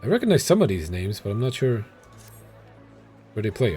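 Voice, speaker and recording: A man's voice: on the low side, sing-song, a little fast, warm tone, slightly rough, soft background music. A man casually commenting while streaming a game, wry and profane, muttering asides.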